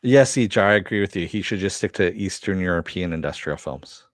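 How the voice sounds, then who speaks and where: A man's voice: low voice, lively intonation, brisk, dry recording, clean studio sound. A man hosting a casual live-stream chat, answering viewers and swearing now and then. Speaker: host.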